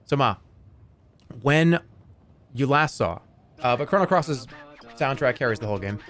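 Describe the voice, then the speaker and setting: A man streaming from his room at home, chatting casually in a joking, excitable way with sudden loud outbursts. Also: medium pitch, moderate pace, faint music behind. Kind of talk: casual live-stream chat.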